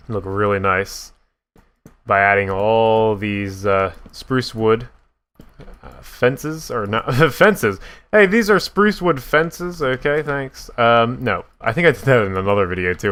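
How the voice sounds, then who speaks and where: A young man giving casual, self-mocking commentary while he builds in a block game, with a deep voice that sometimes cracks. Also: fairly bright tone, smooth. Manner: chatty, self-mocking, laughs at his own slips. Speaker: gaming YouTuber.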